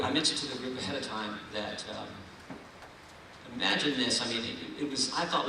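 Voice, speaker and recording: A man's voice: mid-range voice, bright, forceful tone, slight background noise. A man from Ohio giving a folksy, rousing keynote speech at a political dinner in a large banquet hall. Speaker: keynote speaker. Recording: echoey hall, mic heard from far.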